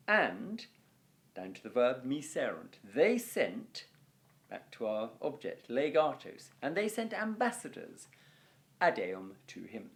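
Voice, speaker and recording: A man's voice: mid-range voice, vocal fry. A man with an English accent teaching a Latin lesson, patiently going through sentences word by word. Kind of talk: recorded language lesson.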